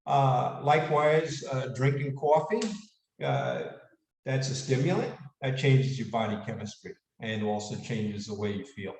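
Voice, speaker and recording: A man giving an animated, casual motivational lecture who asks the audience questions. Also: medium pitch, a little slow. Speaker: speaker giving a leadership talk. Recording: echoey room, mic at a distance.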